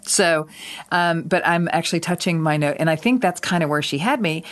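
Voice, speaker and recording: A woman's voice: low voice, normal speed. A woman co-hosting a podcast, telling a rambling story in casual chat, swearing freely and laughing often. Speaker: podcast co-host.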